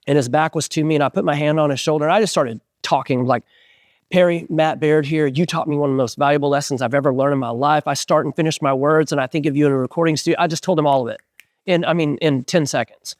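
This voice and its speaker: A man in his forties, a band singer, telling stories in an animated way as an interview guest and acting out the voices of people he quotes. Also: fairly high pitch, fast talker, dry recording, studio quality. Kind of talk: casual storytelling interview.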